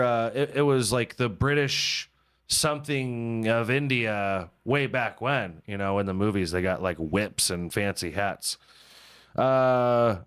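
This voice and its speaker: A comedy podcast host with a medium-pitched, fairly bright, clean-toned voice chats casually. He rambles, swears freely, and makes fun of himself.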